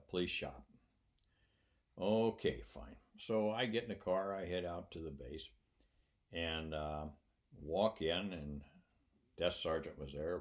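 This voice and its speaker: A former military officer recounting a personal story in a measured, plainspoken way, growing hushed at the emotional moments. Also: male voice, sits low. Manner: measured, plainspoken, drops to a hushed tone when moved.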